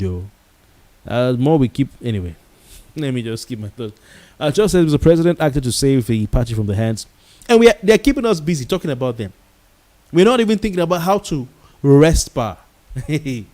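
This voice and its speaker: A man's voice: mid-range voice, a little mellow. A Nigerian-accented man hosting a late-night talk show, giving a heated commentary monologue with pidgin words mixed in. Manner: passionate and ranting, mixing pidgin words.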